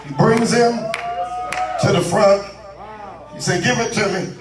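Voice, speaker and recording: A man preaching a call-and-response sermon as bishop, in a drawn-out chanting cadence with asides to the congregation. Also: high voice, recorded from a distance, a loud crowd, heavy background noise. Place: large church sanctuary. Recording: echoey church sound from afar with organ.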